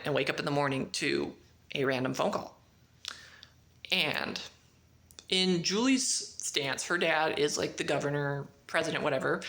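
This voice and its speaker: A woman casually reviewing a book, retelling the plot in a rambling, animated way with lots of "like". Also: low-pitched.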